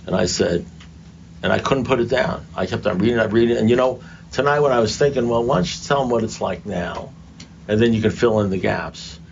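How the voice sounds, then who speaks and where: Older man, low gravelly voice, self-mocking storyteller at a group meeting, muffled lo-fi room recording. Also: a little fast, slight background noise. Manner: conversational, self-mocking humor. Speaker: recovery meeting speaker.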